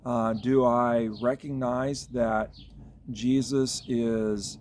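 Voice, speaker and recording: A man's voice: mid-range voice, flat delivery, extremely slow, a little mellow, slight background noise. A man giving a devotional Bible reflection as a pastor, thinking aloud in a reflective way with fillers and restarts.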